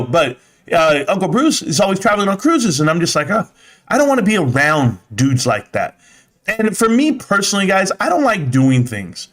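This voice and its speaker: His voice sits high and swings widely in pitch, moving at a moderate pace with a slightly bright tone. He's a livestream host chatting casually and rambling through viewer comments, cursing now and then.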